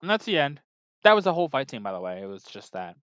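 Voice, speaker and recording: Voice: medium pitch, big pitch swings, fast, fairly bright tone, no echo, highs cut off. A TV reviewer talking casually, exasperated and sarcastic, rambling with lots of filler "like"s. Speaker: TV episode reviewer.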